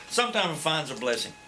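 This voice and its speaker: Speaking with a drawl at normal speed, this fifty-something man has a fairly high voice. He's a former wrestler giving a shoot interview as a guest, spinning blunt, profane, lively stories over faint background noise.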